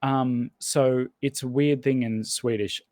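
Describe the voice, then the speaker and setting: A man's voice: medium pitch, fairly even intonation, slow, warm tone, no echo. A man as a podcast guest in casual conversation, rambling and thinking aloud with lots of restarts. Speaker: podcast guest, language learner.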